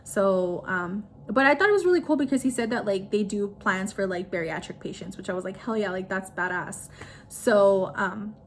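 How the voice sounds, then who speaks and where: Talking at medium pitch and a moderate pace, a woman shares her feelings in a chatty personal vlog, filling her speech with "like". There's slight hiss or hum.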